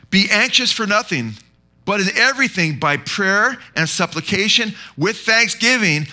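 A Californian man preaching a church sermon in a very bright, ringing voice that sits a little high. He stays animated and talks straight to the congregation with quick asides. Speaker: pastor.

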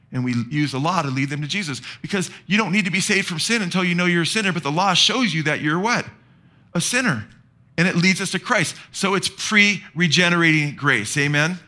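Bright-voiced preacher in a sermon. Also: male voice, a little high. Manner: preaching with call-and-response questions to the congregation. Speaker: pastor.

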